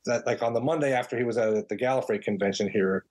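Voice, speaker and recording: A man guest on a podcast, chatting casually and telling animated stories about directing audio dramas. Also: medium pitch, quick pace. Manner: animated storyteller, mimics people in quotes. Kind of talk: casual interview chat.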